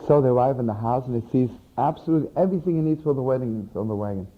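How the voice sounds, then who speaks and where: Casual: rabbi guy telling stories in a sermon, super chatty, keeps saying you know, middle pitch, sounds like an old tinny phone tape. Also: expressive, rapid-fire. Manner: chatty, peppered with "you know", laughing at his own stories. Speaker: rabbi and storyteller. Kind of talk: sermon storytelling. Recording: tinny phone-like archival recording.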